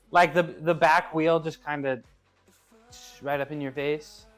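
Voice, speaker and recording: A man's voice: fairly high pitch, fairly even intonation, measured pace, faint music behind. A man chatting casually with his live-stream viewers as he trains, laughing easily and often restarting his phrases. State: working out. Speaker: streamer reading chat.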